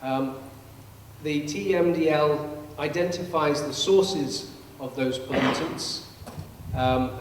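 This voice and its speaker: A man giving a public lecture, explaining in a measured way with touches of dry humor. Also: fairly high pitch. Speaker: guest presenter, scientist. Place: large public meeting hall. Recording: echoey hall from far off, faint hum.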